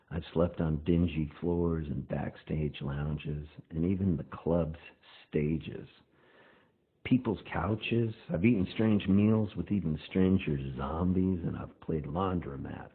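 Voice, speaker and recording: A middle-aged man, a touring folk singer, rambling through a spoken monologue intro with drawn-out lines. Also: low-pitched, breathy edge. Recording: tinny phone-like sound.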